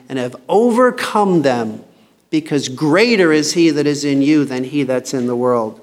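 Man teaching the Bible, slightly high voice. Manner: conversational, reads scripture slowly and emphatically.

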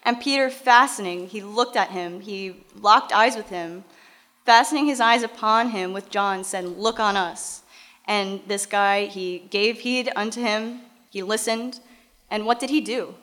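A woman's voice: mid-range voice, a little slow, fairly bright tone. A woman teaching from the Bible, reading verses aloud and then explaining them in a casual, conversational way.

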